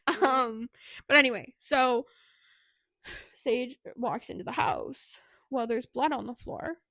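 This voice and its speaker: A woman's voice: fairly high pitch, lively intonation, slow, long pauses, a bit bright, no room sound, studio quality. A woman co-hosting a podcast, casually retelling a book's plot in a chatty way, with plenty of "like" and "anyway". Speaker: podcast co-host. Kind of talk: casual book recap.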